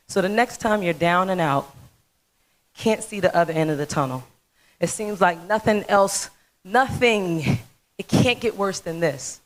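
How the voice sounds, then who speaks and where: A woman in her thirties tells a funny personal story on stage in an animated, chatty way, tossing in asides. Her voice sits a bit low for a woman. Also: a little slow, poor audio. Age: 30s. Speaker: speaker at a dental festival talent show. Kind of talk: humorous storytelling speech.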